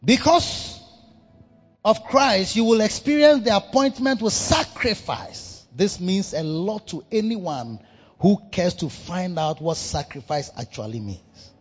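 Husky preacher, high lively voice, dull echoey church hall with music behind. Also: male voice, a little slow. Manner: animated, dramatic, mimics and repeats words for effect. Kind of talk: sermon.

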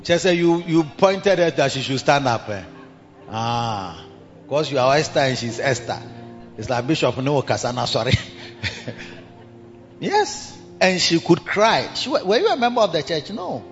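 A man's voice: a little high, sing-song, takes it slowly, long pauses, long reverb tail, lo-fi sound, faint music behind. A man preaching a sermon as a pastor, dramatic and acting out the voices of others. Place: large church hall.

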